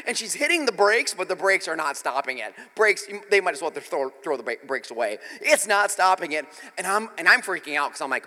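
A man with a high, bright voice tells a self-mocking story from the pulpit and then moves into his sermon. His manner is animated and full of storytelling. His voice carries a long hall reverb. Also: fairly quick, hardly any pauses. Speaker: pastor.

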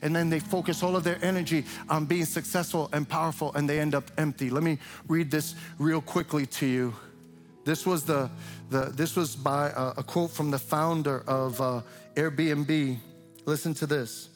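An older male pastor delivers a sermon in a loose, talky manner. His voice sits a little high for a man. Now and then he jumps up into a shrill voice to mimic cheering parents, while soft music plays in the background. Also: fairly even intonation, normal speed. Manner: conversational preaching with sudden high-pitched mimicking of cheering parents. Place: church sanctuary.

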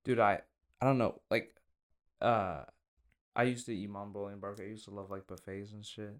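A young man hosting a loose podcast conversation, his voice sitting a little low. He talks in halting bursts, circling back with fillers and restarts, and jokes at his own expense. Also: level tone. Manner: halting, self-deprecating, many restarts and fillers. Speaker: podcast host. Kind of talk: casual chat.

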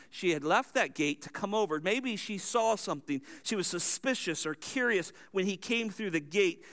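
A man's voice: sits high, a bit bright, smooth. A man preaching a verse-by-verse sermon, explaining the text in a teaching manner with asides.

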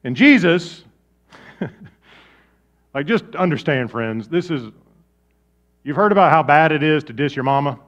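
A man preaching a sermon as pastor, conversational and animated, swinging between loud bursts and soft, low asides. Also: a little slow, long pauses, muffled recording.

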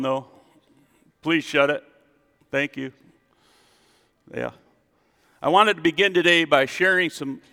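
Gravelly pastor preaching in a reverberant hall. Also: male voice, fairly high pitch. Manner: animated preaching with call-and-response to the congregation. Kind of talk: sermon. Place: church sanctuary.

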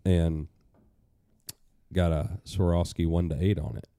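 A man talks in a relaxed, conversational way with some cursing, like a podcast host. His voice sits very low and sounds deeply dark and mellow. The recording is dry and close. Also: measured pace, creaky, no echo.

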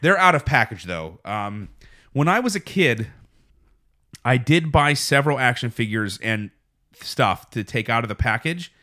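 A man hosting a podcast in casual chat, rambling with many restarts and fillers, putting on a deep radio-style voice. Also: sing-song, measured pace, sharp tone. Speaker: podcast host. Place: small home studio.

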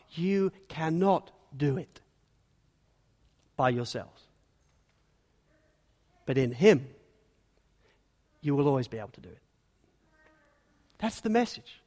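A man preaching a sermon as pastor, emphatic and animated, telling the story with energy. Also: sits high. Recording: long reverb of a large hall.

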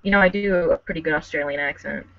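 A woman's voice: low-pitched, fast talker, vocal fry, a crowd in the background. A woman co-hosting a casual podcast chat over a remote call, tipsy from drinking and full of joking, teasing banter. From United States. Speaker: podcast co-host. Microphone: remote call mic. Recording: dull lo-fi remote audio.

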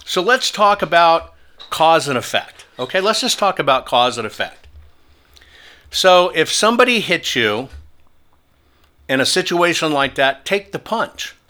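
A man hosting a talk show, telling stories in a forceful, taunting manner. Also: on the high side. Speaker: host.

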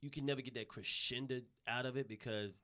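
A male stand-up comedian from Arkansas telling stories in casual podcast chat, profane and animated, slipping into mocking voices for the people he quotes. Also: medium pitch, quick pace, background noise.

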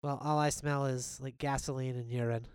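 A man's voice: medium pitch, steady tone, normal speed, darkish tone, smooth, no room sound. A man hosting a comedy show, playing an improvised sketch with eager, emphatic agreement.

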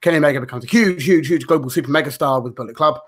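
A man's voice: a little high, rapid-fire, fairly bright tone, breathy edge. A man co-hosting a podcast, rambling through a story in casual chat with lots of fillers, restarts and swearing. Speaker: podcast co-host.

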